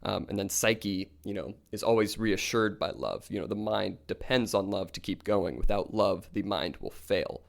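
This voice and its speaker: A young man co-hosting a podcast, calmly retelling myths in a casual storytelling style. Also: lowish voice, moderate pace, vocal fry, few pauses. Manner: calm, even retelling of myths. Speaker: podcast co-host.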